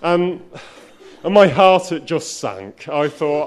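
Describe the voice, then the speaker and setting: A man with a slightly high voice tells a personal story live on stage. His delivery is wry and self-mocking, and he often stumbles and restarts sentences as he goes. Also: expressive. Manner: self-deprecating, wry, halting with frequent restarts. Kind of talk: live spoken-word storytelling.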